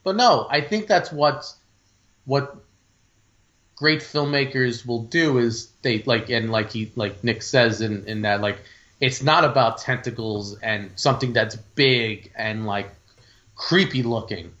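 Male podcast co-host, casual rambling chat, bright edge, muffled lo-fi recording. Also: mid-range voice, measured pace. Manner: loose and rambling, many "like"s and restarts.

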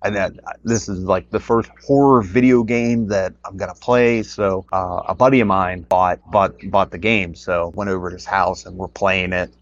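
Brief: deep-voiced man from Pennsylvania, relaxed rambling storyteller, muffled lo-fi sound. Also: moderate pace, few pauses. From Pennsylvania, USA. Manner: rambling, with many fillers and restarts. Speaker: interview guest, documentary creator. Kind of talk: casual storytelling. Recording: muffled lo-fi audio.

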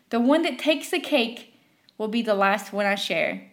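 A woman telling a story from her fast-food job in an animated way, acting out the characters. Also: medium pitch, soft background music. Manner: animated, acts out every character. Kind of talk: storytelling narration.

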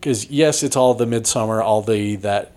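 A man co-hosting a podcast, chatting casually about movies in a rambling way, with lots of restarts. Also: moderate pace. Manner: rambling, restarts often, animated pitch swings. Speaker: podcast co-host reviewing movies. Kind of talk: casual chat.

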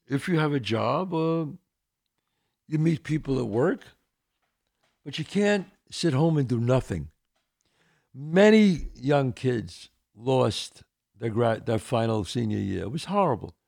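A middle-aged man hosting a podcast, answering listener questions and telling lively neighborhood stories. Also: medium pitch, vocal fry. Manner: animated, acts out quoted voices in a story. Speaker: podcast host.

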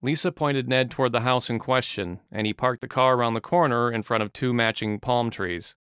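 Male narrator, steady reading, smooth resonant voice, dry close mic. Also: mid-range voice, a little fast, no room sound. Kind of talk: audiobook narration.

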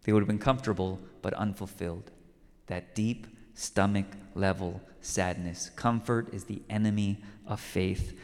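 A man's voice: fairly low pitch, steady tone, normal speed. A male pastor preaching a sermon in a conversational way, telling a story and repeating key lines for emphasis. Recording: long reverb of a large hall.

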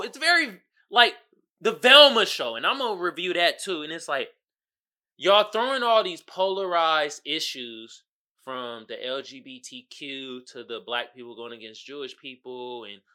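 A young adult man hosting a podcast, casually ranting about a movie in an animated, exasperated, slangy way. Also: a little high. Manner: animated, exasperated, slangy with mocking put-on quotes. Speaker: podcast host reviewing a movie. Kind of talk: casual rant.

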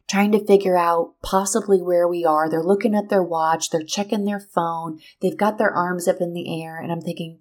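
A woman hosting a podcast, telling a personal story in a lively, expressive way and drawing a motivational lesson from it. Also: fairly low pitch. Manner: lively, expressive storyteller who acts out what people said. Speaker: podcast host.

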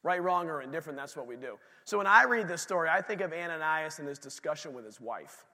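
A man's voice: fairly high pitch, expressive, quick pace, bright, forceful tone. A man preaching a sermon in a church, telling stories in a conversational way with asides to the congregation. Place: church sanctuary. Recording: long reverb of a church hall.

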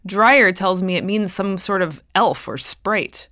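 A man's voice: sits high, slow pace, bright, forceful tone, no room sound, clean studio sound, full character voice. A woman doing a stern, suspicious officer. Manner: curt, probing questions.

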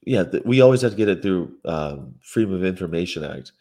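A vegan activist vlogger from the North of England reads news aloud and reacts with profane exasperation, seated in a rented apartment room with a window view. He has a low, expressive voice, talks a little fast, and swings from loud outbursts to muttering.

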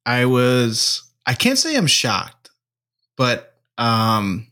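A man's voice: mid-range voice, wildly swooping pitch, drawn-out words, bright, forceful tone. A man co-hosting a podcast in casual chat, putting on a mock-mournful, overdramatic tone. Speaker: podcast co-host.

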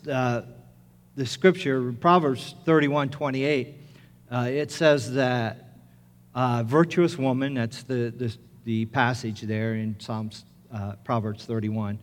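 Pastor preaching in an echoing church. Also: male voice, mid-range voice. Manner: earnest, storytelling, builds to loud excitement. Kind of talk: sermon. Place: church sanctuary. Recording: reverberant church with music.

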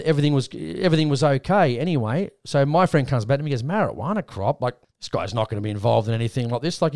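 A man's voice: fairly high pitch, dry recording, clean studio sound. An Australian man hosting a podcast, telling a rambling story in casual chat and acting out what others said. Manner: rambling, animated retelling with quoted voices. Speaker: podcast host.

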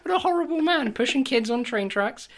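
A woman's voice: a little high, lively intonation, brisk. A woman co-hosting a podcast, bantering in a giggly, sarcastic way. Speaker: podcast co-host. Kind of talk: casual comedic chat.

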